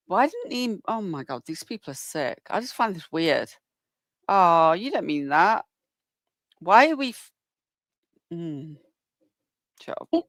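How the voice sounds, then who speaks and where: A woman's voice: mid-range voice, big pitch swings, a little slow, long pauses, no echo, clean studio sound. A woman making wry, incredulous asides while watching a live stream. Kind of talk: reaction chat.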